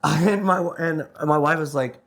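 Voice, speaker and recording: A man in his thirties, a band member on a podcast, rambling excitedly through a story and swearing freely. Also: on the high side, a little slow. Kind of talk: casual anecdote telling.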